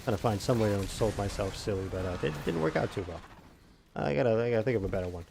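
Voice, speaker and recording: A man's voice: fairly low pitch, expressive, fast, creaky, background noise. A man streaming a video game, chatting casually with viewers, self-mocking and rambling with lots of fillers. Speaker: gaming streamer. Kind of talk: casual live-stream chat while gaming.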